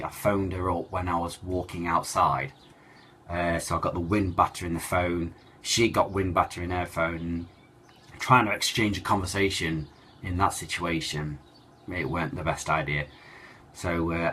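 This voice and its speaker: A man telling a personal story in a halting, emotional way, with many fillers and restarts. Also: sits low, pushed and bright, a little hiss or hum. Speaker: cancer survivor telling his story.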